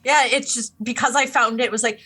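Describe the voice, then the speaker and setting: A woman's voice: fairly high pitch, steady tone, a little fast, bright, forceful tone, slightly rough, poor audio. A woman co-hosting a casual music review podcast, playful and self-deprecating, acting out her reactions. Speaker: podcast co-host.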